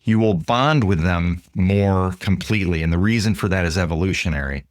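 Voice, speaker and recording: Low-voiced man telling lively stories. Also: moderate pace, no echo, studio quality. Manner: animated, acts out dialogue in quoted voices. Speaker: guest author and consultant. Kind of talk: storytelling interview answers.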